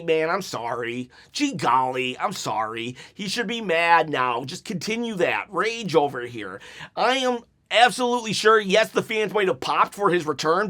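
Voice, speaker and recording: A man casually reviewing a wrestling show, rambling and animated, with plenty of filler words, sarcastic asides and quick laughs. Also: sits high. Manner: sarcastic, mock-quoting wrestlers in put-on voices; laughs while talking.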